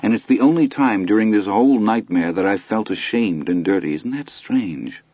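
A man's voice: lowish voice, expressive, moderate pace, darkish tone, husky, dry recording, dull audio. A man voicing a proud young woman, recently fired, who speaks in a precise and dignified way. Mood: rueful.

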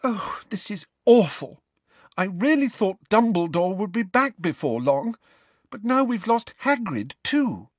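A man's voice: sits high, sing-song, a little slow, no echo, voice pushed up, exaggerated voice. A man doing a shaky, earnest schoolgirl witch. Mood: upset. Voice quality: shaky, tearful.

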